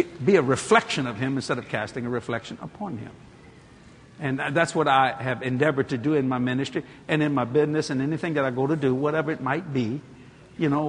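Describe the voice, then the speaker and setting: A male preacher telling stories in a folksy, animated way, building to exclamations before a congregation. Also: medium pitch, fast, a little hiss or hum. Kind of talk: storytelling sermon. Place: church hall or auditorium. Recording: echoey hall with a congregation.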